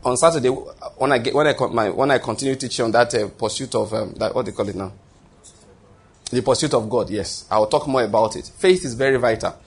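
A man's voice: mid-range voice, fairly quick, husky. A male pastor preaching a sermon, emphatic and repetitive, often restarting phrases and asking his listeners if they follow. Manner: repetitive, emphatic, with frequent restarts and rhetorical questions.

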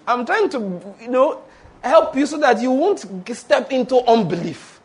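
A man's voice: extremely high pitch, normal speed, breathy edge. A man preaching a sermon, laughing between points and calling on the congregation to repeat after him. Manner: animated, laughing asides, call-and-response with congregation. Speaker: pastor.

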